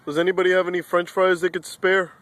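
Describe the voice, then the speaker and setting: A man's voice: high-pitched, flat delivery, quick pace, a bit bright. A man voicing a silly talking bird that begs for french fries, recorded outdoors in a park on a handheld camera. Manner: silly, wheedling, begging. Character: greedy talking male bird begging fries. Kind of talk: playful home-video voicing.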